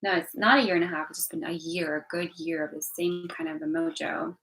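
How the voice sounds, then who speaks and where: A woman's voice: fairly low pitch, fairly even intonation, a little fast, fairly bright tone, low-quality recording. A young woman vlogging candidly about a hard year, rambling emotionally with many restarts and repeated words. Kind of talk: candid personal vlog talk.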